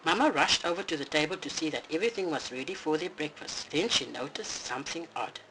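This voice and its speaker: A narrator reading a bedtime storybook aloud in an expressive, animated way. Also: mid-range voice, fast talker, heavy background noise.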